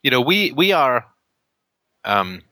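This call-in show host talks in a casual, argumentative way, emphatic and full of rhetorical tag questions, ums, and uhs. His mid-range voice is sing-song, pushed, and bright, and he speaks slowly on a dry recording.

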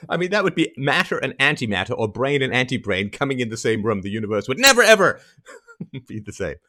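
A man's voice: medium pitch, very animated, fast, pushed and bright. A middle-aged man hosting a commentary show, ranting emphatically and mockingly with frequent swearing. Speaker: podcast host commenting on a clip.

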